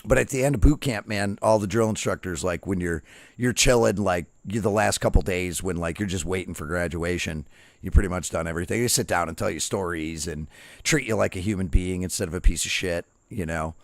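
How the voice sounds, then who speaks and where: A man's voice: deep voice, a little fast, dry recording. A middle-aged man streaming a game, casually telling profane boot camp stories and acting out the people in them. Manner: profane, animated anecdotes with quoted dialogue. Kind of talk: casual storytelling while gaming.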